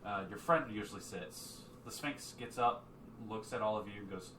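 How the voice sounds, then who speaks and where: A man narrating a tabletop game as game master, relaxed with many fillers. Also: lowish voice, normal speed, a little hiss or hum. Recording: echoey room, distant mic.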